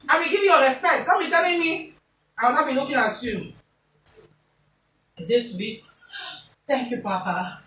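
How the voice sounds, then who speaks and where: Animated Nigerian woman presenter, echoey room. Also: high-pitched, moderate pace, long pauses. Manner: comical, mixes pidgin, acts out scenes. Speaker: talk show presenter. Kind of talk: animated comic commentary. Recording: echoey room, distant mic, faint noise.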